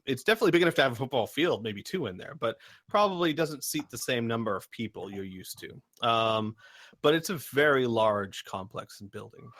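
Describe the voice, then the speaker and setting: A man's voice: medium pitch, a bit bright, no room sound. A man narrating as game master, rambling with many fillers.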